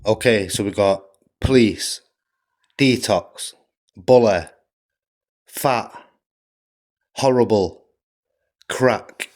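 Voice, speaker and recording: A man hosting a mock bingo game and heckling a video with swearing, in a slow drawl. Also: on the low side, darkish tone. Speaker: comedy video host. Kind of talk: mock game-show commentary.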